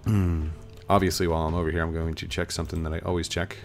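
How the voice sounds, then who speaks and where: A man with the sniffles giving casual let's-play commentary at home. He is excitable and bursts into laughter and high yelps. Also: fast talker, gravelly, soft background music. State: sniffly, stuffy nose. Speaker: gaming YouTuber.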